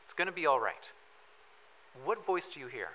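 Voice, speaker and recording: An actor playing an earnest, polite young male investigator who speaks in a gently reassuring way. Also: on the high side, big pitch swings, normal speed, crowd noise. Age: young adult. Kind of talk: analog horror audio drama. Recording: noisy background hiss.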